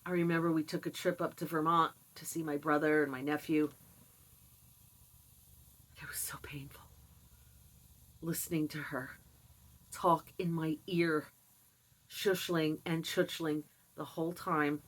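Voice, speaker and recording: An older woman telling a personal story in a casual, candid way, with animated asides and laughs. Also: low-pitched, moderate pace, rough recording. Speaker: vlogger sharing personal experience.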